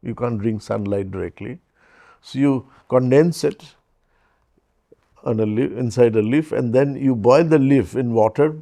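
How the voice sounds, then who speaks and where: A man giving an unhurried, reflective talk, weaving stories with gentle humor. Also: medium pitch. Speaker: speaker on leadership and mindfulness.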